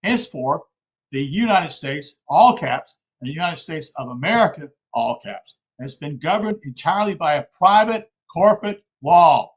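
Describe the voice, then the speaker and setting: This is an earnest, informal spoken lecture by a South Carolina man whose pitch runs fairly high. He keeps calling the audience "folks" and often asks "okay?" to make sure they're following, all on poor audio.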